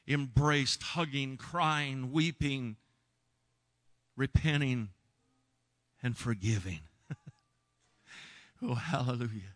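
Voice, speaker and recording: Man telling an emotional sermon story. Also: mid-range voice. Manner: emotional storytelling, swings from hushed to loud. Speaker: preacher. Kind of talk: sermon testimony.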